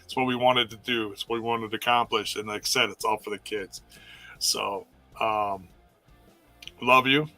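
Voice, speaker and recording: A man hosting a late-night stream, tired after hours on air, warmly thanking the audience as he wraps up. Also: fairly low pitch, steady tone, normal speed, soft background music. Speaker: podcast host.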